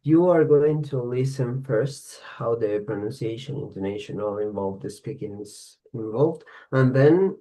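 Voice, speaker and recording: A man's voice: mid-range voice, animated, a little slow, few pauses, warm tone. A man teaching an online English class, giving praise and repeating words for students to copy.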